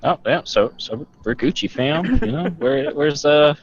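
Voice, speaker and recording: A laid-back player who talks in slang. The audio is dull, with faint noise behind him. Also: male voice, fairly high pitch, big pitch swings, a little slow, vocal fry. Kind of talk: casual chat.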